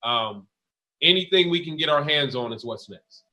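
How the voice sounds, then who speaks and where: Bright-voiced emphatic man. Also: fairly high pitch, expressive, normal speed, poor audio. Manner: emphatic, repeats key phrases. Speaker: guest. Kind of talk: casual interview talk.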